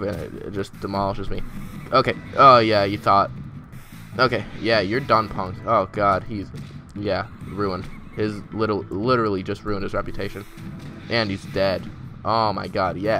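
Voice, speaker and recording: A man doing casual let's-play commentary, excitable and trash-talking, swearing at the game as he plays. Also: on the low side. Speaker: gameplay commentator.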